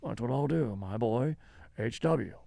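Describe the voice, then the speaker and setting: A man putting on an impression of a ruthless scheming oil tycoon, drawling slowly and low with quiet menace. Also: animated, gravelly, no echo. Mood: menacing.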